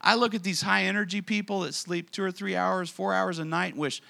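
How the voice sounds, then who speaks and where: A pastor delivers an animated sermon in a church, slipping into the voices of people from the stories he tells. His voice sits a little high, with a gravelly fry and a bright, forceful edge. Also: fairly quick, hardly any pauses. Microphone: handheld or stand mic.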